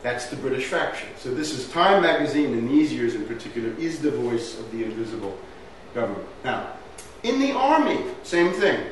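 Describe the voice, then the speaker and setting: His mid-range voice swings widely in pitch at a normal speed, with few pauses, as he gives an emphatic history lecture with slides. Rhetorical questions and frequent "right?"s run through it. A far-away mic in a strongly echoing hall captures a faint hum beneath him.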